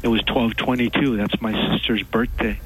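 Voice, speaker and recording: Man caller, halting, lots of ums, emotional storytelling. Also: on the low side, level tone, a little hiss or hum, poor audio. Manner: halting, emotional, many fillers. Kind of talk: call-in radio talk.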